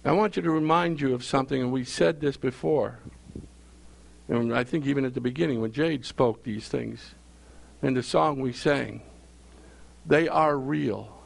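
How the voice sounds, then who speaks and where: A man's voice: mid-range voice, normal speed, creaky. A male pastor preaching a sermon, repeating phrases for emphasis and calling out questions to his congregation.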